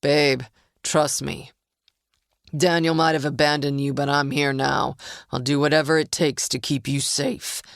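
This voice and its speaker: A woman voicing a hard-edged, jittery ex-convict man high on drugs, talking in a dark, clipped, menacing way. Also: flat delivery, unhurried, gravelly, no echo, studio quality. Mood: coaxing.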